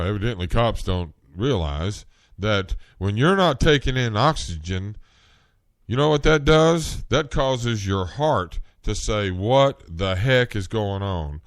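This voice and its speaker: Male podcast host, deep voice, dry close mic, slow earnest monologue. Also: expressive, no room sound. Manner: slow, rambling, earnest, rising in pitch when worked up. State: coughing, clearing throat. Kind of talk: solo commentary podcast.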